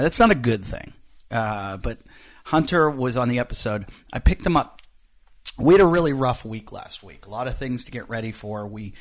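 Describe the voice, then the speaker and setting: A middle-aged man with a stuffy nose hosting a podcast, rambling and joking, swinging from loud bursts to muttered asides. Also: mid-range voice. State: stuffy nose, a bit snotty. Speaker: podcast host and comedian. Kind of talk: casual podcast monologue.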